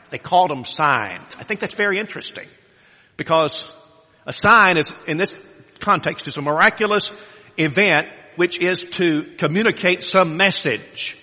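Forceful, bright-voiced preacher in a hall. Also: male voice, high voice, moderate pace. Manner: storytelling, swinging between soft and emphatic. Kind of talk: sermon.

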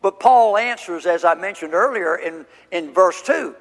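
A high-pitched man with a gravelly edge preaches at a slow, deliberate pace. His emphatic exposition of scripture rings with long hall reverb. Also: lively intonation. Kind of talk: sermon.

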